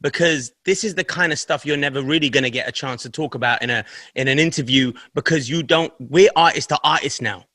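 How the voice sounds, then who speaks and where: A man, hosting a podcast in a relaxed, curious way and swearing casually. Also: mid-range voice, brisk, hardly any pauses, dry recording. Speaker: podcast host.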